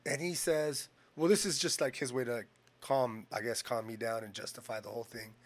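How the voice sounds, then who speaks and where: A man in the middle of his voice range, spinning a rambling, profanity-laced story. He restarts sentences constantly and acts out each side of the conversation with lively shifts in delivery. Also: mid-range voice, brisk. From Hispanic heritage. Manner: profane, rambling, animated retelling. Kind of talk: casual storytelling chat.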